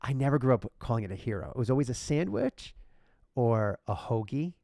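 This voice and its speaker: Guy cohosting a podcast, gravelly voice, talks all animated and cuts in a lot, super dry sound. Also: medium pitch, a little fast, no room sound. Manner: animated, interrupts, jumps into quoted voices. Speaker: podcast co-host. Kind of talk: casual chat.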